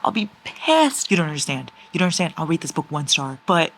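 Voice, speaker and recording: A woman's voice: low-pitched, fairly even intonation, fast, fairly bright tone, slight background noise. A young woman book vlogger chatting casually and dramatically about a novel she is reading, with emotional outbursts. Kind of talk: casual reading vlog chat.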